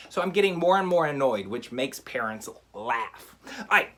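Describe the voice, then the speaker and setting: A man teaching a magic trick in a relaxed, chatty how-to style, with frequent fillers. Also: medium pitch, moderate pace. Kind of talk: casual how-to tutorial.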